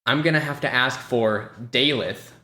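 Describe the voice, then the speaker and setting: A man hosting a tabletop-game podcast, relaxed and laughing often, with stammering restarts. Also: medium pitch, normal speed. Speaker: podcast host. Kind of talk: casual podcast chat. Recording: echoey room.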